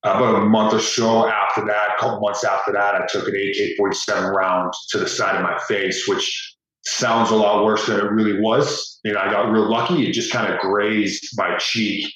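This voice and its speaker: A man speaking as a podcast guest in a fairly low voice, plain and understated. He sits back from the mic in a very echoey room. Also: level tone, moderate pace, fairly bright tone, distant mic. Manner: matter-of-fact, understated. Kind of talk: interview storytelling.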